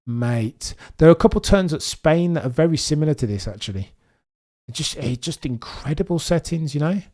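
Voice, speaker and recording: A man with a mild Birmingham accent hosts a live watchalong stream. He talks in an excitable, chatty way, speaking straight to his viewers as he commentates. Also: fairly high pitch, moderate pace. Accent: mild Birmingham English. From Birmingham, England.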